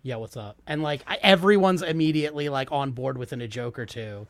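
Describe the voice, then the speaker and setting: A man's voice: on the high side, steady tone, brisk, a bit bright, no room sound. A middle-aged man from the Philadelphia area co-hosting a comedy podcast, telling stories animatedly and swearing freely. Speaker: podcast co-host. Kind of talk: casual podcast chat.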